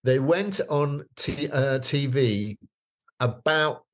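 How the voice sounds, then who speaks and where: A man's voice: mid-range voice, slow pace. A man, telling stories as a guest in a casual chat, rambling with many fillers and restarts. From northeast England.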